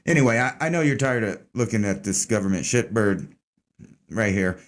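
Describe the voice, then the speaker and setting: A man's voice: lowish voice, expressive, normal speed. Sarcastic, rambling man hosting. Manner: sarcastic, rambling, swears a lot. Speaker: host of an online news commentary stream. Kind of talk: casual profane news commentary.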